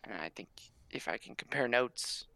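A man's voice: mid-range voice, lively intonation, moderate pace, vocal fry, bright, forceful tone, dry recording. A man playing a tabletop game, speaking earnestly and thoughtfully in character.

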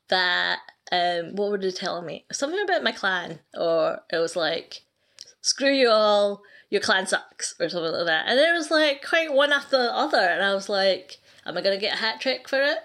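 A woman's voice: medium pitch, fairly bright tone. A woman clan leader chatting casually, ranting in an amused way and laughing often. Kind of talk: casual chat.

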